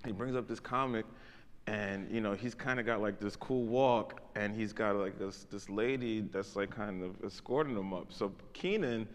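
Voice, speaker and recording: A man, a comedian on a conference panel, telling a rambling story in a relaxed, casual way. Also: lowish voice, normal speed, big-room sound. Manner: laid-back, rambling, heavy on "like" and "you know". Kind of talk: casual onstage conversation, storytelling. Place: conference stage in a large hall.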